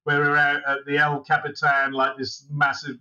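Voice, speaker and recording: Animated English man, distant and lo-fi. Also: on the high side, moderate pace. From England. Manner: animated storyteller who mimics others in put-on voices. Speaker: podcast guest, screenwriter. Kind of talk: casual podcast chat. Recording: distant, dull lo-fi sound.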